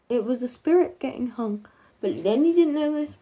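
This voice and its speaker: A woman's voice: high-pitched, lively intonation, moderate pace. A woman improvising a spooky story in a rambling, casual way, full of fillers and restarts, on a dull lo-fi home recording.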